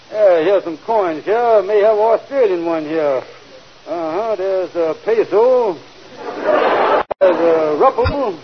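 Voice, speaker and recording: A high-voiced bluffing con man. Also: lo-fi sound. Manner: fast-talking, bluffing, mangled grammar. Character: scheming smooth-talking male con man. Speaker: comic lead. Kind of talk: 1940s radio comedy acting. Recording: old radio broadcast, hiss, loud audience laughter.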